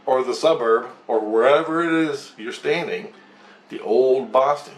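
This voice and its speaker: A man's voice: mid-range voice, a little slow. A man telling a long, rambling dream story in a casual, profane way, often circling back and repeating himself. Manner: profane, repetitive, re-enacts others' words in raised voices. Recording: roomy echo, distant mic, faint hiss.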